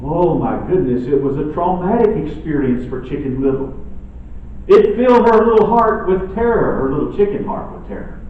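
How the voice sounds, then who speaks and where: A male preacher delivers a sermon, swinging between big outbursts and quiet asides. His voice sits fairly high and rings around the sanctuary from some distance off the mic. The audio is thin and phone-like, with a faint hiss underneath. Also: lively intonation, normal speed, very echoey. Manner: dramatic, swinging from loud to hushed. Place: church sanctuary.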